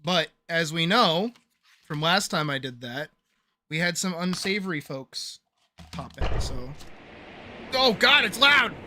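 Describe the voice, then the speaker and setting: A man chatting casually on a game stream, relaxed and talkative, answering chat and laughing often. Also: a little high, unhurried.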